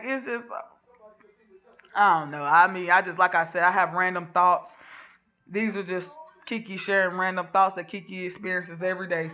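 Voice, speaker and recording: A woman's voice: mid-range voice, pushed and bright. Blunt, profane woman ranting. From Texas. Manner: blunt, profane, emphatic, talks in bursts. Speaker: vlogger venting on camera. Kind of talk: unscripted rant monologue.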